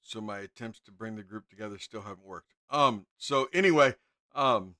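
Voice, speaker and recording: A man's voice: lowish voice, moderate pace, sharp tone, dry recording, studio quality. A man narrating as game master in a casual tabletop game, laid-back with frequent ums and chuckles.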